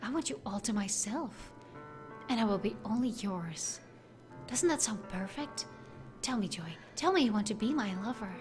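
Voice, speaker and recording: A woman voicing an obsessive, lovesick young woman, reading game dialogue in a soft, hushed, intense way. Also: mid-range voice, animated, normal speed, over music, close to an everyday voice. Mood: pleading.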